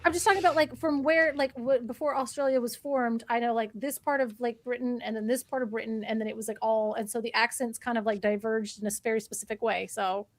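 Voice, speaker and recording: A woman casting a live card game match, talking quickly and rambling, and she laughs often as she calls the plays. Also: a little high, steady tone. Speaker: caster.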